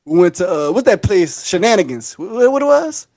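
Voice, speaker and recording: A man's voice: sits high, a little fast. A man hosting a podcast, telling a long story in casual chat and acting out the people in it. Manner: animated, acts out the people in his stories. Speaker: podcast host.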